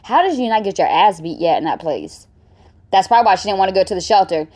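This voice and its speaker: A woman's voice: mid-range voice, expressive, fast, darkish tone. A woman venting angrily and cursing as she reacts to a clip. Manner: heated, profane, venting. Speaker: reaction vlogger. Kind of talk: angry reaction commentary.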